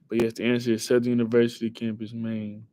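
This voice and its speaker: A young man hosting a casual livestream, thinking aloud through quiz answers and talking back to his chat in an excitable way. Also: mid-range voice, fast talker. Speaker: livestream host.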